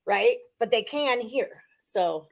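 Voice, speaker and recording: A woman's voice: a little high, lively intonation, takes it slowly, creaky. A woman hosting a live sports betting show, reading out viewers' picks and chatting casually.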